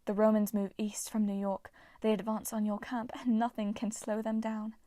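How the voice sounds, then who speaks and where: A woman playing a menacing earth goddess in an audiobook, speaking in a cold, hushed, low-key tone. The sound is dry and close. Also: level tone, normal speed, no room sound, natural voice. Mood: ominous.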